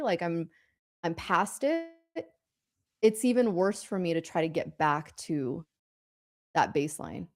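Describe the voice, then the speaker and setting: A woman co-hosting a live trading stream, talking casually, rambling and restarting her sentences, laughing often. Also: lowish voice. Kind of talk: casual chat.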